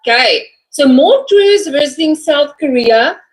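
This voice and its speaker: A woman's voice: high-pitched, animated, a little slow, poor audio. A woman teaching English over a video call, prompting her student and praising each answer. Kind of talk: online lesson.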